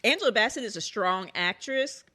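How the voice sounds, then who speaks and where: A woman's voice: on the high side, animated, fairly quick, pushed and bright. A woman co-hosting a casual review podcast, chatty and agreeable, with emphatic asides. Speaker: podcast co-host.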